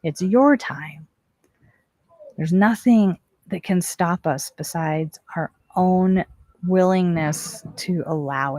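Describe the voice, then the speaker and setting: A woman's voice: lowish voice, a little mellow, no echo. A woman hosting a spiritual talk radio show, speaking in an earnest, encouraging way and asking many rhetorical questions.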